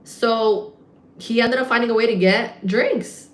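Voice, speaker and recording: A woman livestreaming, telling a story in a casual, animated way, swearing often and acting out the voices of other people. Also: on the high side, measured pace. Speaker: livestreamer and gym content creator. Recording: echoey room.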